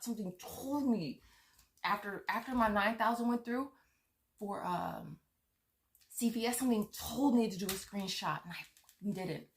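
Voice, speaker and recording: A woman vlogger furiously ranting to her viewers, swearing, stammering and repeating herself. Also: mid-range voice. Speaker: vlogger on money-saving apps. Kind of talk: angry rant to viewers.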